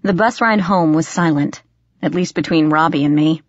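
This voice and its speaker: Low-voiced woman narrating an audiobook. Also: moderate pace, dry recording, lo-fi sound. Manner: steady, expressive storytelling. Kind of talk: first-person audiobook narration.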